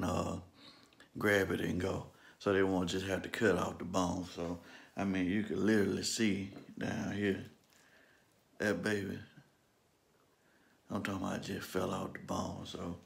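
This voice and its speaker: Brief: man, low gravelly voice, laid-back family vlogger at home. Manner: speaking low to keep from waking the house. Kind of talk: casual family vlog. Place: home kitchen.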